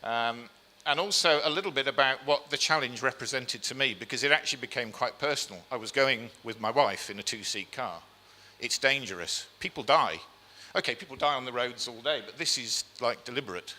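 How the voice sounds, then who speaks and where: Bright-voiced Englishman presenting in a hall. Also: mid-range voice, brisk. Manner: chatty, self-deprecating, asks the audience questions. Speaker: speaker giving a short slide talk. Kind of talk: live presentation to an audience. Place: event hall with a live audience. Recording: long reverb of a hall.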